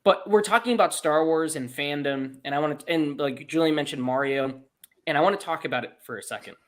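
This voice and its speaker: A man's voice: fairly high pitch, brisk. A man co-hosting a movie podcast in casual chat, upbeat and jokey, laughing often. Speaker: podcast co-host.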